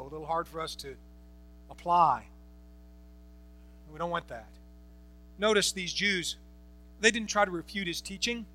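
A man's voice: high voice, bright, forceful tone. A man preaching a Bible-teaching sermon, emphatic, repeating phrases and asking rhetorical questions. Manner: asks the congregation rhetorical questions.

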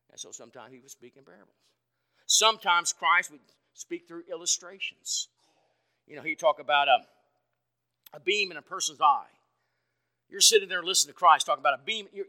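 Guy preaching, high bright voice, folksy, goes loud then real quiet. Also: fairly quick. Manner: folksy, conversational, asks the congregation questions; dynamic, swings from loud to quiet. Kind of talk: evening sermon.

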